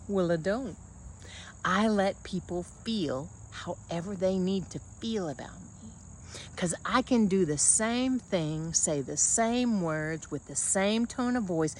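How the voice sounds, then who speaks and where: A woman's voice: medium pitch, a little hiss or hum. A woman coaching in a casual motivational monologue, blunt and folksy, calling the listener honey.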